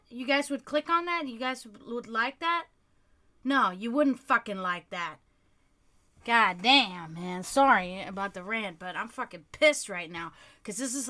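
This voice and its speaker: A European woman hosting a livestream rants heatedly and fast in casual talk, swearing a lot. Her voice is on the high side, bright and forceful.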